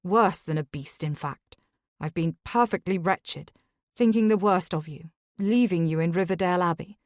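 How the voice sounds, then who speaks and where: A woman's voice: fairly low pitch, normal speed, darkish tone, no room sound, clean studio sound, natural voice. A woman voicing a grave, remorseful aristocratic husband in Victorian society. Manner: grave, hoarse-edged apology.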